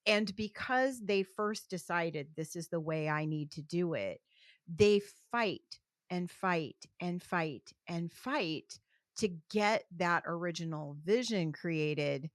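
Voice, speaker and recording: A woman's voice: lowish voice, lively intonation, slow, no echo, clean studio sound. A woman podcast host and business coach, reflective, asking questions with restarts. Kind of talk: interview host.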